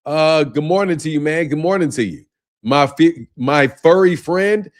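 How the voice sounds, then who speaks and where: A man's voice: on the high side, a little slow. A man hosting a boxing channel livestream, chatting casually and profanely while greeting viewers by name.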